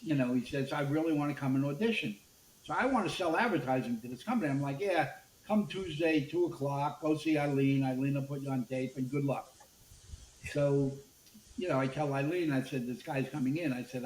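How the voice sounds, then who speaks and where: An older man, a media executive telling anecdotes in an interview and acting out the dialogue. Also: medium pitch. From Brooklyn, USA. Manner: animated storyteller acting out dialogue. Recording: roomy echo with faint background noise.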